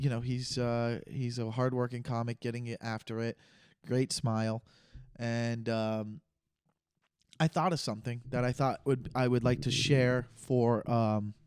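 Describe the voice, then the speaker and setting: A man's voice: mid-range voice, a little mellow, clear, resonant tone, no room sound, studio quality. A man hosting his own podcast, a stand-up comedian talking casually in a rambling, stop-start way and correcting himself mid-sentence. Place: living room.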